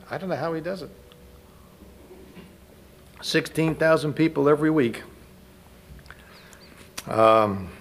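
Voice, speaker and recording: A man's voice: medium pitch, a little hiss or hum. A man giving a spoken lecture to a live audience, conversational, often turning to ask the listeners questions. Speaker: lecturer speaking to a church audience.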